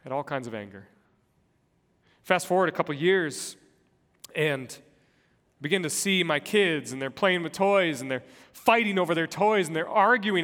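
Earnest male pastor in his 30s preaching a sermon, slightly high voice, long church reverb. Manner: earnest, personal storytelling with shifts between soft and loud.

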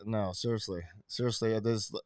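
A man's voice: on the low side, a little fast, no room sound, clean studio sound. A middle-aged man in loose, profane casual conversation, often acting out quotes in other voices. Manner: animated, swears a lot, acts out quotes in other voices.

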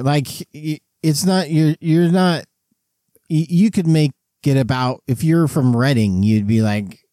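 A man's voice: fairly high pitch, dark tone, no room sound. A man with a slightly raised voice co-hosts a casual podcast, wandering through his points with jokes and self-interruptions. The recording is dry and close. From Fresno, California. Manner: rambling, self-interrupting, jokey. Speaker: podcast co-host. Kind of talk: casual chat.

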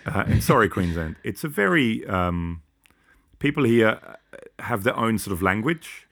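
An Australian man co-hosts a podcast, rambling casually with jokes, side notes and quick asides. His lowish voice swings widely in pitch and sounds creaky and a bit bright.

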